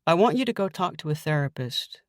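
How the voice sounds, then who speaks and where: A male audiobook narrator voicing a teenage girl who speaks quietly and seriously. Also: a little high, animated, brisk, dry recording, clean studio sound, lightly acted.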